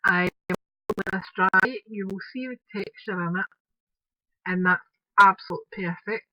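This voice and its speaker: A woman's voice: medium pitch, normal speed, pushed and bright, muffled recording, slight background noise. A woman from Scotland with a Scottish accent, chatting through a crafting tutorial in a rambling way with lots of "um"s and Scottish words.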